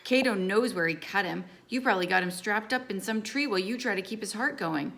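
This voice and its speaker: A woman voicing a cruel, taunting teenage girl fighter in an audiobook reading, with mocking, drawn-out taunts. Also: medium pitch, expressive, gravelly, fairly bright tone, a little hiss or hum.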